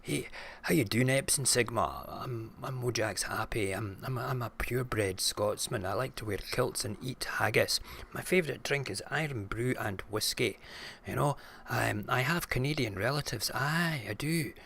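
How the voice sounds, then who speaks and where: A man's voice: mid-range voice, moderate pace, vocal fry, hardly any pauses, a bit bright, slight background noise, voice pushed up. A Scottish man voicing a hammy, boastful caricature of a stereotypical Scotsman, in a broad, jokey, sing-song manner.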